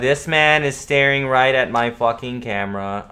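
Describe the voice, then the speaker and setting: A young man streaming a horror game, swearing, repeating himself and yelling at scares. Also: medium pitch, moderate pace. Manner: profane, jumpy, repeats himself, yells at jumpscares. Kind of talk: live gameplay commentary.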